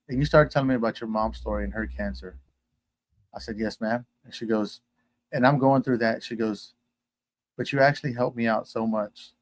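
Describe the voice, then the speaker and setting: A man's voice: medium pitch, dry recording. A man from Texas, a guest telling a personal story in casual conversation, acting out the voices he quotes.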